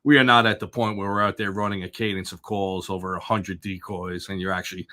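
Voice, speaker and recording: A man's voice: deep voice, level tone, fast talker, sharp tone. A man co-hosting a casual podcast chat, easygoing, laughing along and rambling through asides. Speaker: co-host.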